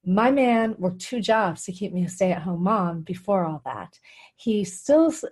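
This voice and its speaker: Husky-voiced woman telling her own story. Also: medium pitch, animated, unhurried, a little mellow. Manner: candid, confessional, with frequent laughs. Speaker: radio show host. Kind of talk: personal storytelling monologue.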